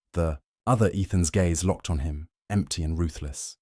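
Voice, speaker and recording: A man giving tense, measured scripted narration of a detective thriller. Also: deep voice, warm tone, dry recording, studio quality.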